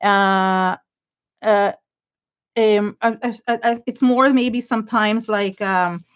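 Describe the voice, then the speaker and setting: A woman's voice: medium pitch, fairly even intonation, slow, clean tone. A middle-aged woman with an Israeli accent, chatting frankly and effusively to viewers on an art livestream, rambling with many fillers and restarts. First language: Hebrew. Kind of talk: casual livestream chat while inking. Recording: dull lo-fi livestream audio.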